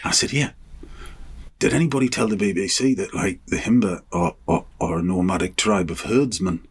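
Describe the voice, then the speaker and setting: A man's voice: sits low, normal speed, slightly rough. A middle-aged man, a podcast guest, telling travel stories in a rambling, laughing way with lots of restarts. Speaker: podcast guest, TV cook and biker. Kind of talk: casual anecdote telling.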